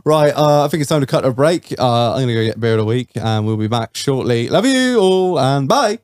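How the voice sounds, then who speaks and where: A man's voice: medium pitch, lively intonation, a little fast, a little mellow, no echo, clean studio sound. A man hosting a podcast, swearing freely and laughing through rambling banter over a beer. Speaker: podcast host. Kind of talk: casual pub-style banter. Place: home studio with a fridge nearby.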